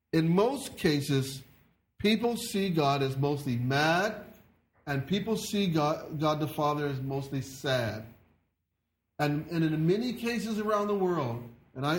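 A man preaching a sermon in an earnest, halting way, often repeating his words. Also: fairly high pitch. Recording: echoey room.

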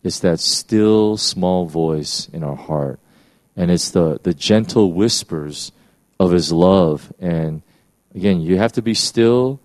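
Casting note: male preacher with a lowish voice, casual sermon delivery that keeps restarting, dry close sound. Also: darkish tone, dry recording. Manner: conversational, with many restarts and acted-out quotes.

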